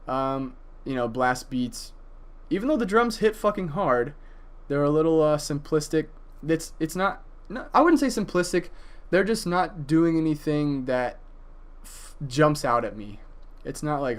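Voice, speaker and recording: Animated, enthusiastic young-sounding male reviewer. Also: fairly high pitch, measured pace. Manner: profane, enthusiastic, hesitant with fillers. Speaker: music reviewer. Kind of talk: casual album review.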